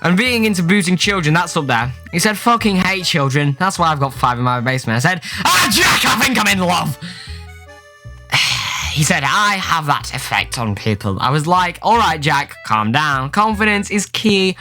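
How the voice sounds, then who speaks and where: Male YouTuber with a sharp, slightly high voice, reading chats in a sarcastic, stumbling way. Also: animated, moderate pace, hardly any pauses, faint music behind. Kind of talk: comedic reading of chat messages.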